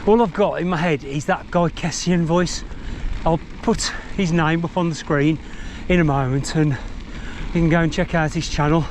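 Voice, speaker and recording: A man rambling cheerfully through a ride review out on countryside trails, meandering and self-deprecating. His voice sits slightly higher than most men's. A faint outdoor hum sits behind him. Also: steady tone, normal speed. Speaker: vlogger reviewing a mountain bike.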